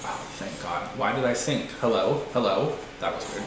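A man's voice: lively intonation, moderate pace, hardly any pauses, heavy reverb, faint music behind, rough recording. A man giving a casual, self-mocking commentary on a video game he is playing. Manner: playful, self-mocking, sudden high-pitched squeals.

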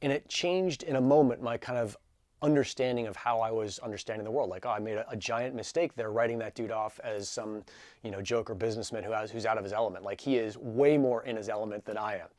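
A man in his forties telling a story in a casual, energetic, chatty way, full of fillers like "like" and "dude". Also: fairly low pitch, quick pace, dry recording, studio quality. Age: 40s. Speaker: channel host.

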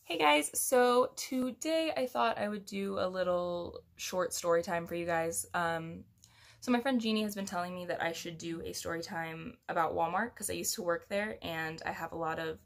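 A woman's voice: on the low side, moderate pace, vocal fry. A young woman telling a casual story to her viewers, chatty and rambling, with giggles and restarts. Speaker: storytime vlogger.

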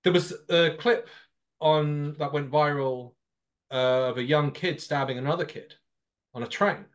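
A man, his voice sitting a little higher than most men's. He tells a long story with animated energy, carrying on from one point to the next in a casual political chat. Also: unhurried.

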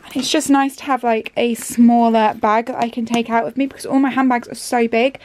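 A woman's voice: fairly high pitch, little pitch movement, a little fast, a little mellow, a little hiss or hum. A young woman vlogging casually from her bedroom, rambling and chatty with lots of fillers, filmed on a handheld vlog camera. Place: bedroom at home.

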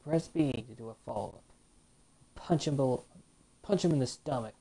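Gaming host, woman, very low and gravelly, chatty play-by-play. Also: moderate pace, dark tone. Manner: chatty, reacts to the game, reads on-screen text aloud. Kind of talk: let's play commentary.

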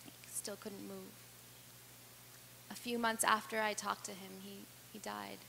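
A woman giving an earnest personal storytelling speech, with dramatic pauses that build in intensity. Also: medium pitch, level tone, creaky, bright, forceful tone. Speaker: speaker. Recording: reverberant hall with faint hum.

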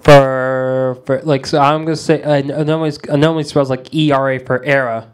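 Brief: man, mid-pitched, smooth tone, tumbling restarts. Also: flat delivery, moderate pace. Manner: stammering, repeats words as he starts. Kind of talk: casual chat.

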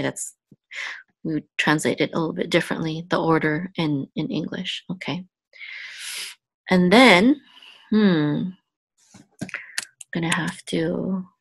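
A woman walks through a Biblical Hebrew reading lesson one word at a time, sounding out letters and vowels. She talks slowly and patiently and corrects herself casually. Her voice sits a little low. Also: a bit bright. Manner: patient, spells out sounds, self-correcting with small laughs.

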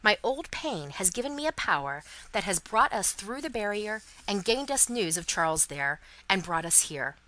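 A woman voicing a calm, confident elderly male doctor in a storybook reading, speaking with bold assurance. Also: medium pitch, moderate pace, hardly any pauses, low-quality recording.

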